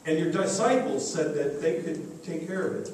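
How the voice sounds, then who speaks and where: A man preaching a sermon as pastor in a church sanctuary tells a story and acts out the voices in it. His voice is on the high side, animated and a little mellow, at normal speed. The echoey church is picked up on a distant mic with faint noise.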